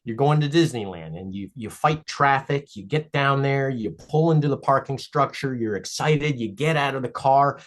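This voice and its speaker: A man voicing a calm, wise female spirit guide, telling a gentle parable in his own plain voice. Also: mid-range voice, normal speed, few pauses, close to an everyday voice. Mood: patient.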